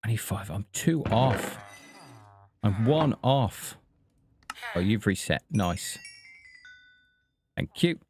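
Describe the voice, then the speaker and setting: A man narrating his own gameplay in a loose, chatty stream, often talking to the characters on screen. He speaks slowly and without hurry, in a somewhat low voice, thinking out loud as he goes. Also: animated, soft background music. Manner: chatty, talks to himself and the villagers. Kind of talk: casual gameplay commentary.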